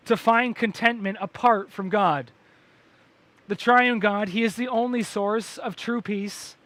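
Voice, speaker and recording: Bright-voiced man preaching a sermon. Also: high-pitched, no room sound. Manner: emphatic preaching with repeated phrases and restarts. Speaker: pastor. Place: church.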